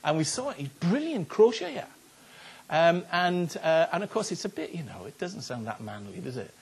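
A man's voice: a little high, sing-song, normal speed, vocal fry, husky. An older man, a pastor preaching a sermon in an earnest, conversational way, often repeating his words. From Wales.

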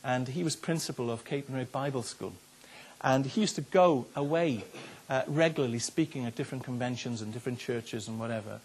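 Husky older pastor preaching. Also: male voice, medium pitch, a little fast. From Wales. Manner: earnest and conversational, with frequent repeated words and fillers. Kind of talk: sermon.

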